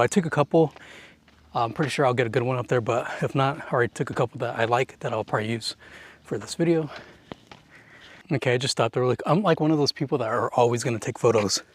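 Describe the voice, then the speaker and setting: A young man chatting his way up a mountain trail, narrating a hiking vlog into a handheld camera in a rambling, filler-heavy way. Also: medium pitch. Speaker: hiking vlogger.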